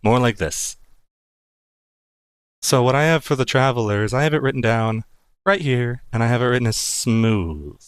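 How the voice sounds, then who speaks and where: Man game master talking shop on character voices, smooth clear voice, dry close sound. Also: medium pitch, expressive, a little fast, dry recording. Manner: thoughtful, thinking aloud with restarts. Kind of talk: casual chat about character voices.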